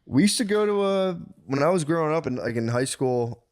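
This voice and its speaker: A man's voice: fairly high pitch, lively intonation, a little fast. A man in his thirties co-hosting a comedy podcast, telling stories in a rambling, casual way with plenty of fillers. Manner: rambling, filler-heavy storytelling. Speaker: podcast co-host.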